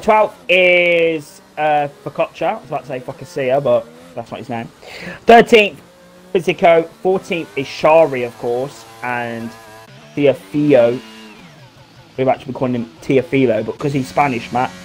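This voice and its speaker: A British man giving casual live commentary on an online racing league, chatty and teasing, jumping into excited shouts. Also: mid-range voice. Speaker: race commentator.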